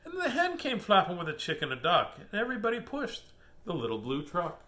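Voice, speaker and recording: A man's voice: high-pitched, wildly swooping pitch, a little fast, pushed and bright. A man hosting a casual storytime, reading children's books aloud with jokes and asides. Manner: playful, jokey, laughs at his own puns.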